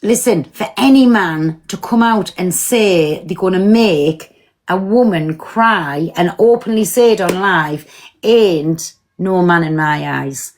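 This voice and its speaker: A woman's voice: on the low side, slow, a little mellow. A woman hosting a live stream from home, talking casually and bluntly, swearing freely and answering her viewers. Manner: blunt, swears freely, talks back to commenters.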